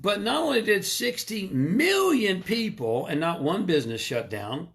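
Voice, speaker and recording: A man's voice: sits high, very animated, unhurried, vocal fry, a bit bright. Emphatic middle-aged man on a livestream. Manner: emphatic, rhetorical questions, greets viewers by name. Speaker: livestream host. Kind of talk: motivational livestream talk. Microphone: live stream camera mic.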